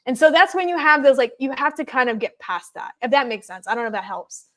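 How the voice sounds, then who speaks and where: Woman guest, somewhat high voice, rambling conversational storyteller with frequent fillers. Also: fairly quick, a bit bright. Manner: chatty, many fillers of "like".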